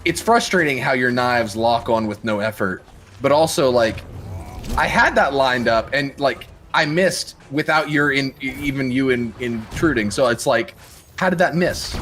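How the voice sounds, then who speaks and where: A man's voice: medium pitch, expressive, unhurried, a bit bright. A young man co-hosting a gaming livestream, talking casually, rambling with restarts and laughs.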